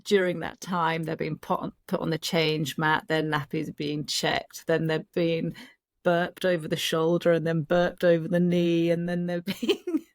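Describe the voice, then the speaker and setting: A woman's voice: low-pitched, little pitch movement, unhurried, dry recording, studio quality. A woman with an Australian accent, a podcast co-host and sleep practitioner, talking in an empathetic, conversational way. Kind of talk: advice chat.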